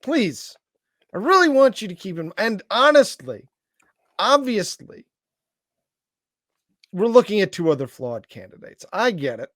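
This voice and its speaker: High-voiced man cracking sarcastic jokes. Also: sing-song, measured pace, pauses often, a bit bright, no echo, studio quality. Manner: sarcastic, joking. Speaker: comedy podcast co-host. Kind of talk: casual comedic reaction commentary.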